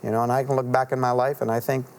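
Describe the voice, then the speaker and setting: A middle-aged man, an author guest in a TV studio interview, telling a story in an earnest, halting way with many fillers and restarts. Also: mid-range voice, little pitch movement, creaky, clean tone.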